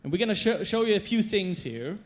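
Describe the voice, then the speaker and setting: Guy doing a stage talk, kinda high voice, tells stories with lots of punch and humor. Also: lively intonation, a little fast. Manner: storytelling, emphatic, playful. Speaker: chef giving a stage talk. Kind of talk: stage presentation. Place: stage before a live audience.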